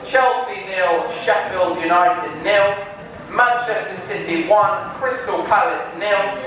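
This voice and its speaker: Slow, echoing stadium announcer man. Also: high voice, muffled recording, crowd noise. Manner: slow, measured read-outs. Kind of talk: public address announcements. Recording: echoey distant tannoy over ground noise.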